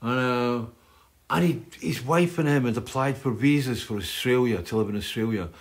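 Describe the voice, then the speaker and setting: A man's voice: medium pitch, moderate pace. An older man, hosting and telling stories in a rambling, chatty way, often tagging on "right?". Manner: chatty, keeps adding "right?". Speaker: host. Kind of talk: rambling storytelling chat.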